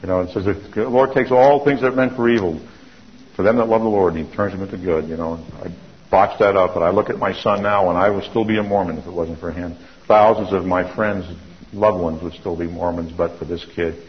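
Here a middle-aged man in church gives a testimony sermon, his voice low and a little fast. He tells the story earnestly but keeps restarting and repeating, and the lo-fi recording sounds dull.

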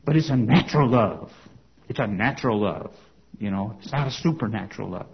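A man's voice: fairly low pitch, lively intonation, brisk, creaky, husky, dull audio. A man, a former congregation elder, telling his personal testimony to an audience in a conversational storytelling way, full of "you know" and "okay?" asides.

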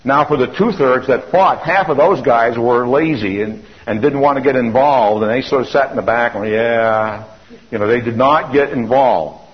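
A man lectures in a loose, storytelling way, often circling back and restarting his sentences. His voice sits at a middle pitch. The recording is slightly muffled and lo-fi. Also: normal speed. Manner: conversational storytelling with frequent restarts. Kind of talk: anecdotal lecture. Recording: dull lo-fi recording.

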